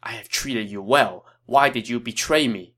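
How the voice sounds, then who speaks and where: A man's voice: mid-range voice, normal speed, fairly bright tone, lightly acted. A man voicing a captured male warlord, quoted with pleading, aggrieved lines in an audio story.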